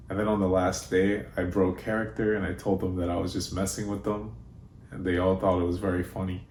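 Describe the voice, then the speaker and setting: A young man telling personal stories in a relaxed, laid-back way, with frequent fillers. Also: sits low, brisk, slight background noise. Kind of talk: casual personal storytelling. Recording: roomy with faint ambience.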